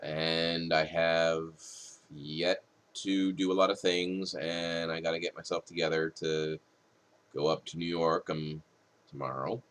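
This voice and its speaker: A man's voice: low voice, little pitch movement, unhurried, a bit bright, smooth. A male writing instructor, tired late at night, reads rules from a textbook in a recorded lecture and explains them with casual asides.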